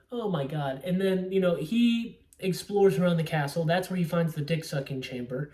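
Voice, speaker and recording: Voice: medium pitch, moderate pace, few pauses, warm tone, far from the mic. A young adult movie reviewer chatting casually, rambling, swearing freely and laughing often. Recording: roomy sound, away from the mic.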